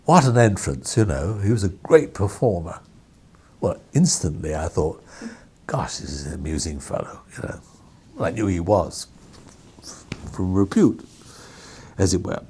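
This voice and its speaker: A man's voice: deep voice, sing-song, unhurried, long pauses, warm tone, slight background noise. Chuckling older man spinning an anecdote. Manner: rambling, chuckling storyteller with many restarts. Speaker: interviewee, former newspaper editor. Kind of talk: anecdotal reminiscence.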